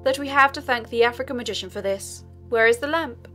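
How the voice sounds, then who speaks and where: A woman's voice: on the high side, animated, normal speed, a bit bright, faint music behind. A woman voicing Aladdin, a desperate, earnest young man, in a pleading, urgent way.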